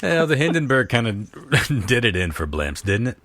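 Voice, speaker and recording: A man's voice: mid-range voice, sing-song, normal speed, fairly bright tone, no echo. A man hosting a casual podcast chat, laughing often and swearing freely as he riffs. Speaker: podcast host.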